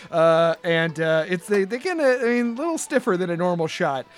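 A man narrating a tabletop role-playing game as game master, halting often with fillers and restarts. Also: high-pitched, very animated, soft background music. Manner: halting, full of uhs and restarts.

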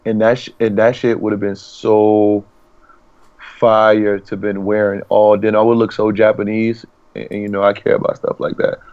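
A young man co-hosting a podcast in casual chat, excitable and profane, stumbling as he hunts for words. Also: lowish voice, moderate pace. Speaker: podcast co-host. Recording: slightly dull lo-fi sound.

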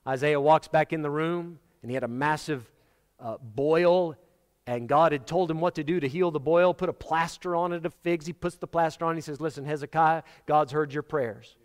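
A man's voice: fairly high pitch, normal speed, smooth. A man preaching a sermon, telling stories dramatically and acting out the voices of the people in them. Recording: long hall reverb.

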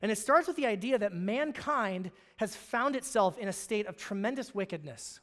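A man's voice: high-pitched, animated, normal speed, a bit bright. A man from Alaska, a pastor, preaching a sermon in a conversational storytelling way, often restarting his phrases. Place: church sanctuary. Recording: long reverb of a hall.

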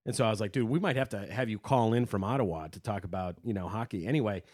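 A man's voice: fairly low pitch, fast, darkish tone, no room sound, studio quality. A man co-hosting a podcast in casual chat, rambling and hesitant, full of fillers. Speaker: podcast co-host.

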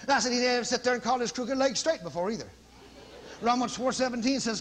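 A middle-aged man preaching, telling a story with animated bursts of loud repeated commands. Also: very high-pitched, fast, a little hiss or hum. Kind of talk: sermon storytelling.

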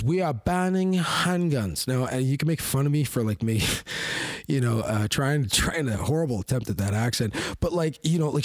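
Male podcast host, fairly high voice, dry close sound, rants loosely with lots of fillers. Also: dry recording. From Canada. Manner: rambling and heated, heavy with fillers. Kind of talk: opinionated monologue.

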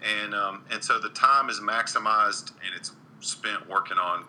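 A man's voice: lowish voice, measured pace, sharp tone, slight background noise, poor audio. A man, a country singer, chatting earnestly in an interview with frequent restarts and ums. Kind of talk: casual interview chat.

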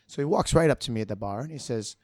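A man's voice: mid-range voice, fast, dry recording. Middle-aged man telling a story, dry sound. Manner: relaxed, rambling, frequent restarts. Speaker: bartender guest. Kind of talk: casual storytelling in an interview.

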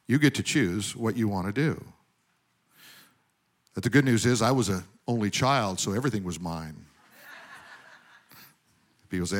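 A male pastor preaching a sermon, telling stories and swinging between loud emphasis and quiet asides. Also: lowish voice, normal speed, pauses often.

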